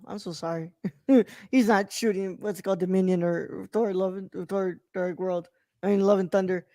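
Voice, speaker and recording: A man's voice: high voice, no room sound. Rambling man hosting a podcast review. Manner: rambling, many fillers and self-corrections. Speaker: podcast host. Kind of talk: casual film review chat.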